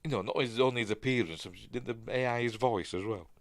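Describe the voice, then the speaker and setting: A man's voice: medium pitch, quick pace, no echo. A man with a Yorkshire accent hosting a casual live-stream news chat, rambling into asides and chuckling to himself.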